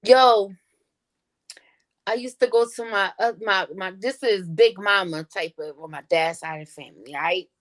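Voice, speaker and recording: A woman guest on a podcast tells stories in casual, slangy talk, swearing a lot and animatedly acting out quotes in other voices. Her voice is medium-pitched at a normal speed, and the whole thing is a relaxed storytelling chat.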